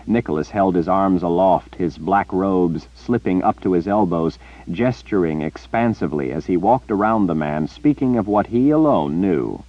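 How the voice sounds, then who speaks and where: A man narrating an audiobook in a steady, expressive storytelling manner. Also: sits low, normal speed, no room sound, lo-fi sound.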